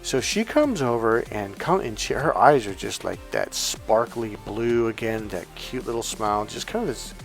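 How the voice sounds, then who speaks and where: A man's voice: fairly low pitch, lively intonation, normal speed, gravelly, few pauses, faint music behind. A man, a dating coach, telling a rambling personal story in a casual way, swearing freely and correcting himself as he goes. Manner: rambling, self-correcting, swears casually, acts out past dialogue.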